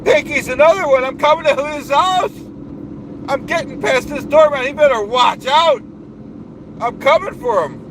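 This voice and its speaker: A man voicing a boastful, self-important male streamer who rants grandly, recorded in a car with road noise. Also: moderate pace. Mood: bombastic. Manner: grandiose, shouting rants with sudden pitch leaps. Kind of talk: live stream parody rant.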